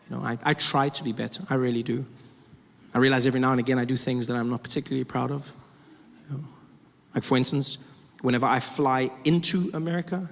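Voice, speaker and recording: A man's voice: medium pitch, vocal fry, fairly bright tone, big-room sound. A male stand-up comedian performing a set, talking conversationally with self-mocking asides.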